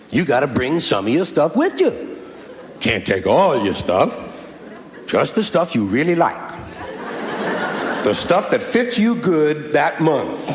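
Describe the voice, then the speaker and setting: A man riffs sardonically through an observational bit, his pitch leaping around lively. The sound is roomy with a long hall tail. Clear background noise sits under the voice. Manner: sardonic, repetitive, riffing observational delivery. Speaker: stand-up comedian. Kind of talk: stand-up routine. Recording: echoey live hall recording with background noise.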